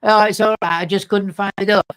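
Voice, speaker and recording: A woman's voice: mid-range voice, fairly even intonation, brisk, clean tone, voice pushed up, natural voice. Man doing a chatty Manchester woman. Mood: flustered. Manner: apologetic, eager, breathless chatter.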